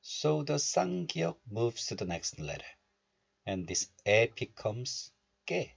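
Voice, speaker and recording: A man teaching Korean pronunciation in a recorded lesson. He explains step by step and repeats syllables slowly for learners. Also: medium pitch, sing-song, gravelly, slightly rough, dull audio.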